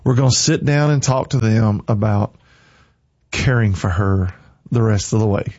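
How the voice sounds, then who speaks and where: A man's voice: on the low side, normal speed, a little mellow, no echo. A man giving an emotional, preachy faith talk on a livestream, with a slightly dull lo-fi sound.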